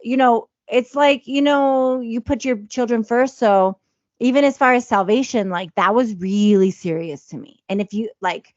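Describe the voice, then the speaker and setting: A woman in her thirties tells her story in a relaxed, heartfelt podcast chat, leaning on fillers as she goes. Her voice sits a little high. The recording is dry and a bit muffled. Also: moderate pace, no room sound. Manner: emotional, confessional, many fillers like "you know". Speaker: podcast co-host.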